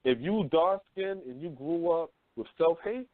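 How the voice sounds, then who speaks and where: A man in his thirties hosting a casual talk radio show, swearing freely and telling animated stories. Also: a little high, unhurried, dry recording. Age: 30s. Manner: loose, profane, animated storytelling. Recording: phone-line call-in radio, dry.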